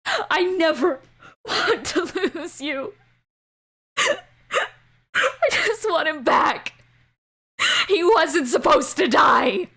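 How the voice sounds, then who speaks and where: A grief-stricken father sobs and pleads over his lost son, played by a woman. His voice cracks upward into cries. This is a dark fantasy tabletop game. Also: sits high, very animated, extremely slow, long pauses, voice pushed up, heavily acted. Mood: sobbing. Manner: sobbing, pleading, breaking into cries.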